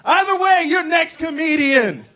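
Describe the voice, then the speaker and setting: A man emcees a live comedy night, hyping the room and bringing up acts. His voice sits very high and swings about with lively range. He talks into a handheld mic on a bar stage. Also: measured pace. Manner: upbeat crowd hype, introducing acts. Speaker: show host, emcee. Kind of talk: emceeing, crowd work.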